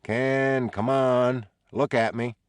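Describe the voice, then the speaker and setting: A man voicing a wisecracking male US marshal, brash and coaxing, pitched well above his usual voice. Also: steady tone, takes it slowly, clear, resonant tone, dry recording, close to an everyday voice. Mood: coaxing pressing.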